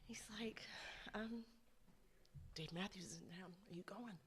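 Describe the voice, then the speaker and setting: A woman's voice: medium pitch, unhurried, slight background noise. A woman speaking as an aunt in a eulogy at a funeral service, telling stories emotionally and often dropping to a whisper. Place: funeral home.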